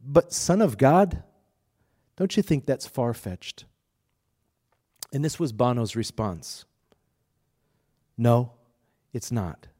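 A man's voice: medium pitch, sing-song, takes it slowly, pauses often, mellow. A male pastor preaching a sermon, emphatic and asking the congregation rhetorical questions.

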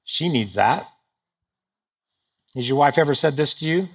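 Gravelly, husky male preacher. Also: fairly high pitch, expressive, a little slow. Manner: humorous, conversational, self-deprecating. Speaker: pastor. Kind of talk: sermon. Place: stage before a live audience.

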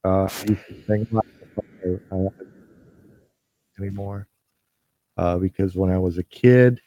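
A man hosting his podcast, speaking haltingly with many fillers and restarts, emotional as he sends a holiday message to listeners. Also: deep voice, dark tone, a little hiss or hum, low-quality recording. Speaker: podcast host.

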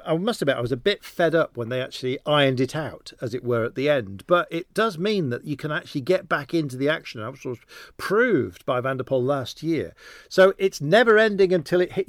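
A man's voice: a little high, dry recording, studio quality. A man who works as a cycling commentator, chatting casually in a rambling, anecdotal way with self-deprecating humour. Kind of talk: casual interview chat.

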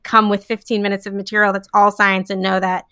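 A woman's voice: mid-range voice, level tone, brisk, pushed and bright, smooth, no echo, studio quality. A young woman, a comedian and scientist, chatting casually in an interview with many fillers and frequent laughs. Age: young adult.

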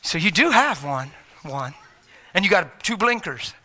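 Animated, bright-voiced man preaching. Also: high-pitched, unhurried. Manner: animated, acts out dialogue, drops to near-whisper. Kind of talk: sermon with storytelling. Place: church room with congregation.

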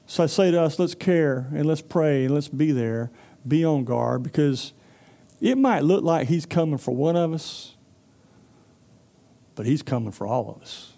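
A man's voice: on the high side, lively intonation, unhurried, vocal fry, mellow. A man preaching a sermon, telling a folksy story and acting out character voices. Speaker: pastor.

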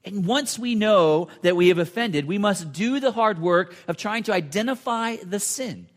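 Male preacher, sermon, earnest and repetitive, slightly raised pitch, sudden soft hushed drops. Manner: earnest, repetitive preaching with many restarts and dramatic drops to a hush. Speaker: pastor.

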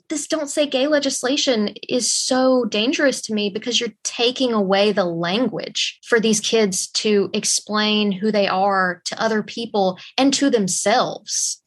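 A woman's voice: medium pitch, a little slow, hardly any pauses, breathy edge. A young woman, a guest in an interview, tells a personal story and acts out the voices in it. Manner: animated, acts out quoted dialogue.

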